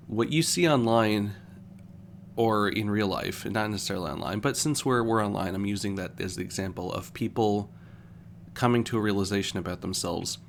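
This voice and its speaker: A young man talking casually as a streamer, rambling with lots of fillers and restarts, over a faint hum. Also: on the low side. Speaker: streamer host. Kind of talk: casual chat.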